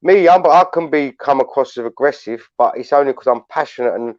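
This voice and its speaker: A man's voice: mid-range voice, brisk. A man hosting a live panel chat, rambling bluntly and swearing. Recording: dull lo-fi online audio.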